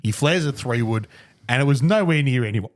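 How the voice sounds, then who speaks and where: A man's voice: medium pitch, animated, a little fast. A man co-hosting a casual podcast chat, asking questions and swearing casually. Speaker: podcast co-host.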